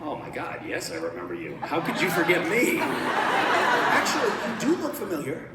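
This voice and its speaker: A man's voice: on the high side, normal speed, heavy background noise. Teasing male panel guest, distant mic, big reverberant hall. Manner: teasing, playful, deadpan jokes. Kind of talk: casual joking Q&A with fans. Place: large convention hall. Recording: echoey convention hall, distant mic, loud crowd.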